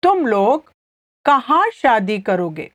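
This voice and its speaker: A woman from India with an Indian accent, co-hosting a scripted Hindi lesson and repeating phrases slowly and clearly. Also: on the high side, big pitch swings, a bit bright, no room sound, clean studio sound. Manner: clear, slow, spells out phrases for repetition. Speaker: co-host teaching Hindi.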